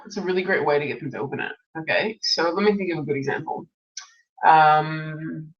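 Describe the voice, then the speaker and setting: A woman's voice: mid-range voice, a bit bright. A woman with a stuffy, nasal voice from being unwell, hosting a casual live Q&A and giving chatty advice full of restarts and asides. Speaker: webinar host answering questions. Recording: distant mic, dull lo-fi sound.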